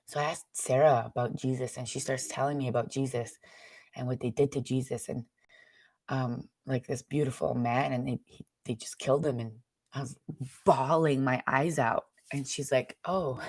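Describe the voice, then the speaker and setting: A woman's voice: very deep voice, fairly even intonation, moderate pace, darkish tone, no room sound, clean studio sound. Candid young woman telling her story. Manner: candid, emotional, rambling with many fillers. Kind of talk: personal faith testimony.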